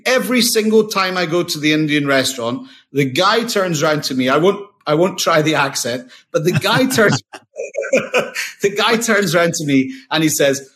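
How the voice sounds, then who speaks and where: A company founder with a slightly high, somewhat bright voice appears as a podcast guest. His casual interview talk is enthusiastic, with frequent restarts and repeated words.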